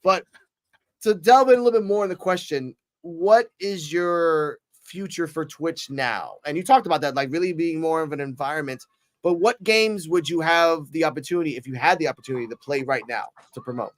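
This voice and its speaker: A man's voice: on the high side, a little fast. A man hosting a casual interview, telling stories with lots of swearing and acted-out voices. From Puerto Rico. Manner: animated storyteller, swears freely, acts out voices. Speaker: host interviewing a streamer.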